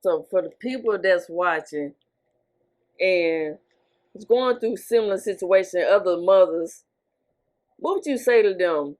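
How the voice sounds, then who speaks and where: A woman's voice: lowish voice, unhurried, pauses often, darkish tone. Woman interviewer, supportive, asks her guest questions in an easy conversational way. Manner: supportive, many short affirmations.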